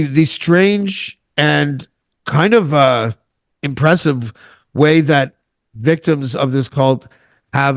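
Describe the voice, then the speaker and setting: A man's voice: fairly high pitch, no echo, clean studio sound. A Canadian man, a podcast guest, chatting casually, joking and rambling with restarts. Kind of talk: casual chat.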